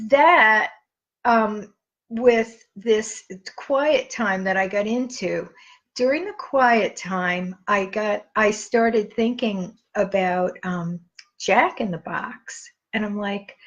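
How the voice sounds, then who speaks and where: A middle-aged woman hosting her own live stream, talking through personal memories in a casual monologue, rambling with many restarts and fillers. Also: mid-range voice. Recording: slightly dull lo-fi audio.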